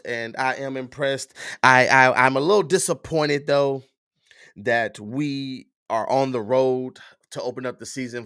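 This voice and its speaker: A man hosts a casual livestream. He chats loosely with his viewers at a middling pitch. The sound is dry and close. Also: a bit bright, clear, resonant tone, no echo. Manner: chatty, talks straight to viewers, restarts and fillers. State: stuffy nose. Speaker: livestream host.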